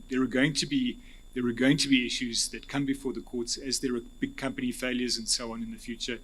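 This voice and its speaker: A South African man, an advocate, giving measured, formal answers at an interview panel, restarting phrases as he thinks. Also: medium pitch, fairly bright tone, a little hiss or hum. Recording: husky, poor-quality hearing recording.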